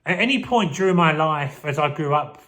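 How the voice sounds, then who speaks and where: Man, forties, fairly high voice, rambling, heartfelt, casual vlog talk. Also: expressive, normal speed, sharp tone. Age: 40s. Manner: rambling, heartfelt, emotional, many restarts. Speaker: vlogger. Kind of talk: casual personal reflection to camera.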